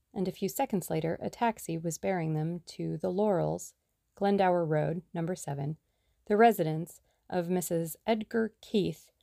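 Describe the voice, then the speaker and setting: A woman reading a novel aloud as an audiobook narrator, in a measured storytelling manner. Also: lowish voice, vocal fry, dark tone, no room sound, studio quality.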